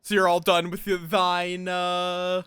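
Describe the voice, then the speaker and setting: High, lively-voiced tired male streamer. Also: slow, no echo. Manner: muttering to himself, thinking aloud. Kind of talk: casual gameplay commentary.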